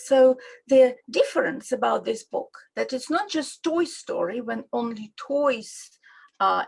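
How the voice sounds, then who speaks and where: Gravelly Russian-accented woman, slow and gentle. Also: on the high side, poor audio. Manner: gentle, explains simply and asks the listener questions. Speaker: children's book author. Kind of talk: presenting her book's toy characters.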